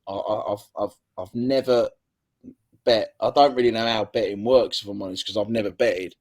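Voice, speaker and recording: A young man, talking in a casual, rambling way. His voice sits a bit low, he doubles up words as he goes, and he swears freely. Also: fairly even intonation, moderate pace, darkish tone. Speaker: guest. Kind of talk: casual interview chat.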